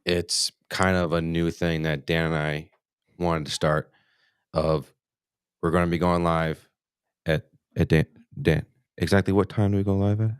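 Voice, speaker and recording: A man's voice: low voice, flat delivery, unhurried, clean tone, dry recording, studio quality. A man hosting a casual live hunting podcast, rambling and cursing freely with many restarts. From United States. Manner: rambling, profane, frequent restarts. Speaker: podcast host.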